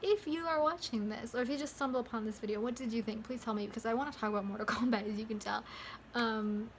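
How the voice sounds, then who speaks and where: A woman's voice: on the high side, fast, a little hiss or hum. A young woman talking casually to camera in a movie review vlog, rambling and interrupting herself with lots of fillers. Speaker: vlogger.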